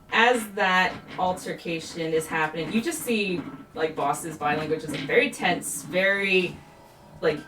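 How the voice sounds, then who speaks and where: A woman's voice: fairly low pitch, background noise. Woman game master, rambling, filler-heavy narration, roomy echo, mic set back. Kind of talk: live-streamed tabletop game narration. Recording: roomy echo, mic at a distance, music behind.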